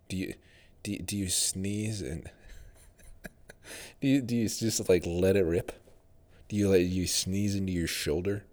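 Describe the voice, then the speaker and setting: A man's voice: low-pitched, a little mellow. A man with a General American accent, rambling through a casual solo monologue as a podcast host. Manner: rambling, musing, many fillers and restarts.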